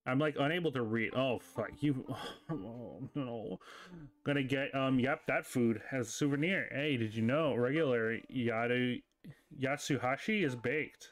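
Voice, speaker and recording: A man's voice: medium pitch, a little slow. A man hosting a let's play, reading the game's dialogue aloud and cracking jokes and the odd swear between lines. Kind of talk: casual gaming commentary. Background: faint game music.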